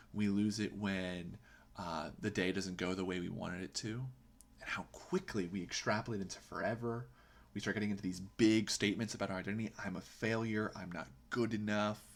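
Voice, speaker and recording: A man hosting a poetry podcast, giving earnest, emphatic commentary and often asking a rhetorical "right?". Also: on the low side. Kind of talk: reflective commentary on a poem.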